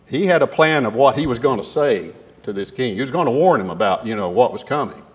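A man preaching, retelling a scripture story in a folksy, animated way. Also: mid-range voice, fast talker, slightly rough. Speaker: pastor.

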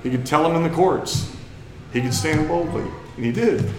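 Plain-spoken Missouri preacher in an echoey room. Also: male voice, on the high side, normal speed, noisy background. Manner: plain-spoken, folksy, rising to emphatic bursts. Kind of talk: sermon lesson.

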